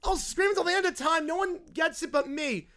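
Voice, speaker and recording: A man voicing a whiny, bratty little boy who screams his demands over and over in a shrill whine. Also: fairly quick, a bit bright. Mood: whining. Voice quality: shrill whining.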